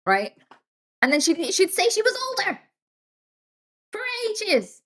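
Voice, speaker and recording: A woman in her thirties talking casually on a live stream, animated and swearing freely. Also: extremely high pitch, measured pace. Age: 30s. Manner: animated and swearing, acts out quoted voices.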